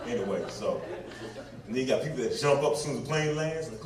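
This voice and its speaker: A man's voice: mid-range voice, animated, fast, a loud crowd. A man doing a playful live stand-up set, acting out quotes and laughing at his own jokes. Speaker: stand-up comedian. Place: live comedy venue. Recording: echoey venue mic from a distance with audience noise.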